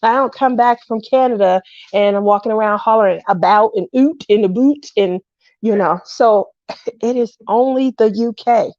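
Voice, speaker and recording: A woman's voice: mid-range voice, normal speed, a little mellow, no echo. A woman hosting a casual craft livestream, chatting to her viewers in a rambling way and laughing often. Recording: dull, lo-fi dry sound.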